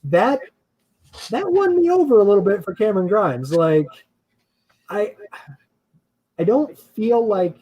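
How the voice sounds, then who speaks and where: A man's voice: high-pitched, very animated, unhurried, long pauses, dark tone, slightly rough, dull audio. A man co-hosting a casual chat show who laughs often and hedges his opinions as he rambles along. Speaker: podcast co-host.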